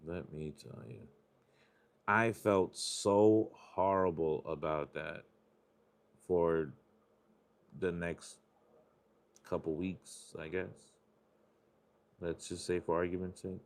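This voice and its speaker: A man with a low voice and vocal fry talks slowly, pausing often. On his live stream he scratches lottery tickets while chatting in a casual, rambling, confessional manner, swearing freely throughout.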